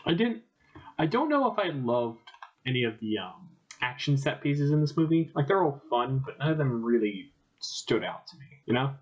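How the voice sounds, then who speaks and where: A man's voice: medium pitch, big pitch swings, moderate pace. A man co-hosting a podcast, chatting casually about a film and acting out characters in quoted voices. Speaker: podcast co-host. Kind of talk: casual film review chat. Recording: dull lo-fi podcast audio.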